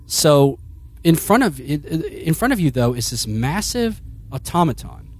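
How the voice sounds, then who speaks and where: A man's voice: on the high side, very animated, measured pace, a little mellow. A man narrating as game master of a tabletop game, rambling with lots of fillers. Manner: rambling, full of fillers and restarts.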